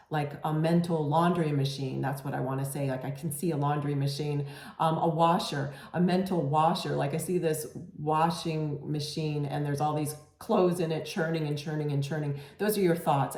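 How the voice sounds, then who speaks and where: A woman's voice: deep voice, darkish tone. A woman giving a casual, reassuring tarot reading to camera, with many fillers and restarts. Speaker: tarot reader. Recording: echoey room.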